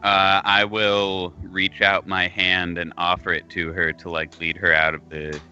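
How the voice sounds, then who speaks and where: A man playing a tabletop game, speaking slowly and deliberately over a voice call. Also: low-pitched, level tone, pushed and bright, clean tone, muffled recording, faint music behind. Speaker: player.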